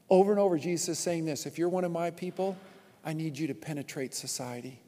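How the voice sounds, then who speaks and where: A man preaching a sermon as pastor from a church stage, animated and repeating his points for emphasis. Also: on the high side, quick pace. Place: church auditorium with long reverb. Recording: long hall reverb.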